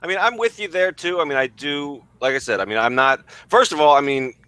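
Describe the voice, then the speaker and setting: A man's voice: fairly high pitch, fairly quick, pushed and bright, clear, resonant tone, no echo. A man co-hosting a casual wrestling podcast, rambling with many fillers and some swearing. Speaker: podcast co-host.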